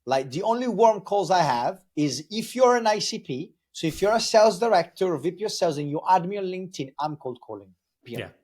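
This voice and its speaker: Italian-accented male guest, upbeat and candid, a bit husky in tone. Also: high voice, fairly quick. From Italy. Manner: energetic, frank, lots of restarts. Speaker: sales trainer guest. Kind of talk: casual podcast chat.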